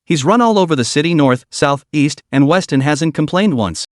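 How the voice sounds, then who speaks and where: A man's voice: on the high side, animated, normal speed, no echo, studio quality, natural voice. A man reading a taunting male kidnapper. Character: mocking male kidnapper on the phone.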